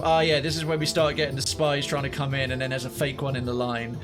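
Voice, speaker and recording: A man's voice: mid-range voice, flat delivery, fast, hardly any pauses, music in the background. A man giving casual, jokey commentary while playing a game, thinking aloud and swearing now and then. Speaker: let's play streamer.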